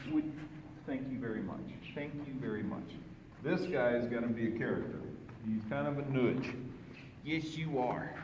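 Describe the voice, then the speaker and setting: A man demonstrating horse groundwork in an outdoor round pen, talking in a relaxed, folksy way and chatting to the horse, picked up from far off. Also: fairly high pitch, heavy reverb, long reverb tail, a little hiss or hum. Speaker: horse trainer. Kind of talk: instructional demonstration.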